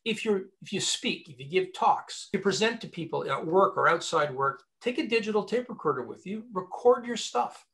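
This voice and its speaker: A man's voice: high-pitched, normal speed, few pauses. A man who works as a recruiter and author, telling stories emphatically as a guest in an interview. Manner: animated storyteller, emphatic. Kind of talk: conversational interview.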